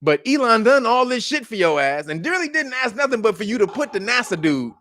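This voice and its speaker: A man, commenting in casual talk, animated, acting out the quotes and laughing often. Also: fairly quick, no room sound, studio quality. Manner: animated storytelling, acts out quotes in high mocking voices, laughs often. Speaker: commentary host.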